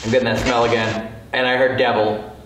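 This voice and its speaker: A shaken young man reports what a spirit box says, swearing and sounding close to tears. He is far from the mic in a hugely echoey empty hall, and a clear hiss sits under his voice. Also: medium pitch, flat delivery, fairly quick. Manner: rattled, swearing, shaky and emotional. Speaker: paranormal investigator. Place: large abandoned hospital, indoors at night.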